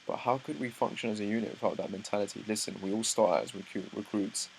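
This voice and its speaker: A young man reading a comic chapter aloud, breaking off into excited asides and stumbling over words. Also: on the low side, fast, vocal fry, a little hiss or hum, poor audio. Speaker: manga reaction host. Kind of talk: live reaction read-through.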